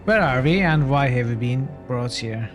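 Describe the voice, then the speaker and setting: A man voicing a determined male adventurer hero, reading game dialogue aloud in an earnest, steady way. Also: medium pitch, moderate pace, soft background music, lightly acted. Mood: defiant.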